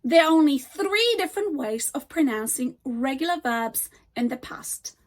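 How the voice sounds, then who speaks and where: A woman teaching an English grammar lesson, slowly and deliberately modeling example words. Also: sits high, animated.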